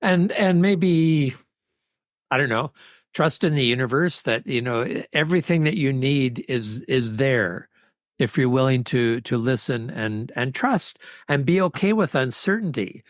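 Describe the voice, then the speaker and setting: A male podcast host reflects aloud in a thoughtful, searching way, feeling his way toward each idea. His voice is at a plain middle pitch. The recording is dry and close. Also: animated, measured pace, no room sound. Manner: thoughtful, musing, searching for words. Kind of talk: reflective interview chat.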